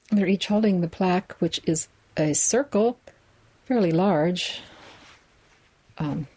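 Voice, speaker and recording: Low mellow-voiced woman reading aloud. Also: breathy edge, poor audio. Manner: measured, reading aloud plainly with spoken asides. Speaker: reader of a magazine for listeners. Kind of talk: reading print aloud with image descriptions.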